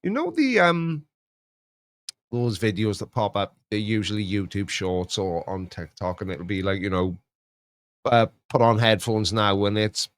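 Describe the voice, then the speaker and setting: A man's voice: on the low side, expressive, a little slow, no room sound. A middle-aged man with a Welsh accent, rambling through a casual chat and dropping in plenty of yeahs as he hosts. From Wales. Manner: chatty, rambling, lots of yeahs. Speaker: channel host.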